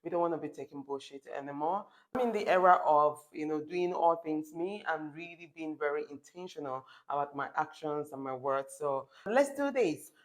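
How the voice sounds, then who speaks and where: A woman's voice: deep voice, a little fast, few pauses, poor audio. A woman in her thirties talking straight to camera in a casual vlog, blunt and emphatic, swearing freely. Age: 30s. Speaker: vlogger. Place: lives in Spain.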